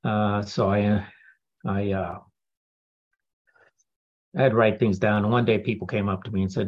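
Man, husky voice, candid testimony talk with dry humor. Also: on the low side, fairly even intonation, unhurried, long pauses, dull audio. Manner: candid, wry storytelling with laughs. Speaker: speaker sharing a recovery story.

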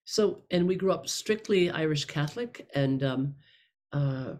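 A woman's voice: low-pitched, lively intonation, a little slow, darkish tone. A middle-aged woman candidly telling her life story to a room of listeners, rambling and self-deprecating. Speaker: speaker sharing her story. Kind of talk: personal testimony to a room.

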